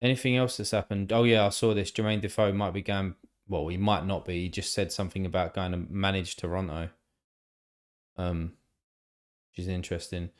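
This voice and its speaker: Rambling lower-voiced man streaming. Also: fairly even intonation, a little fast. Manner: rambling, thinks aloud, swears, many fillers. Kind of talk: casual live-stream chat.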